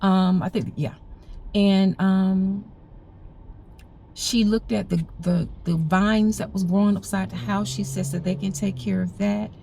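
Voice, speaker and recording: A woman's voice: medium pitch, fairly even intonation, a little slow, vocal fry. A woman telling a story casually to her camera, chatty and rambling, full of fillers and repeated "I said". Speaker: vlogger. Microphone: camera recording. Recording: loud background noise, vehicle sounds.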